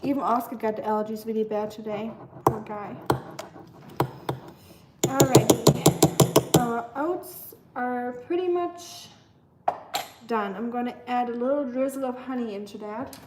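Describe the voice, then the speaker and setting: A woman's voice: a little high, normal speed, very noisy. A woman from Germany, chatting casually on a live stream, reading out viewer comments and filling her talk with "like". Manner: chatty, reads viewer comments aloud, heavy use of "like".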